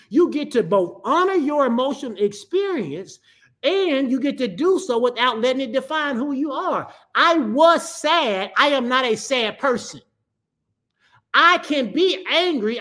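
A middle-aged woman pastor delivers a sermon in a high voice. Her pitch rises and falls with lively swings as she preaches. She calls on the congregation to answer back. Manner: preaching with call-and-response to the congregation.

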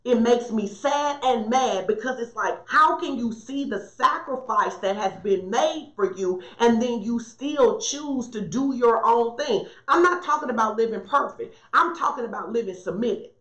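A woman's voice: on the high side, animated, a little slow, few pauses, echoey room. A middle-aged woman preaching a sermon, emphatic and repeating key phrases for stress.

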